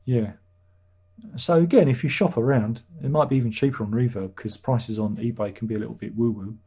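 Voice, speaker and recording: Here a British man in middle age runs a livestream, casually replying to viewers' chat with dry humor and the odd chuckle. His mid-range voice is mellow and slightly rough, and he speaks a little fast.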